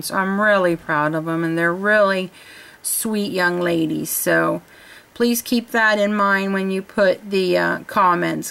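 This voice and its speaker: A woman's voice: medium pitch, creaky, a bit bright. An older woman from her home, gushing over handmade craft gifts in a casual show-and-tell vlog, often searching for words. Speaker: crafting vlogger. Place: home in Florida.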